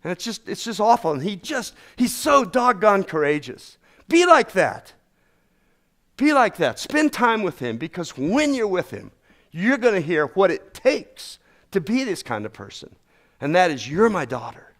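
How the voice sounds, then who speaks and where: A middle-aged male pastor delivers a sermon in a folksy, homespun manner and repeats key phrases for emphasis. His voice sits high for a man. His pitch leaps around with lively, animated swings. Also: normal speed.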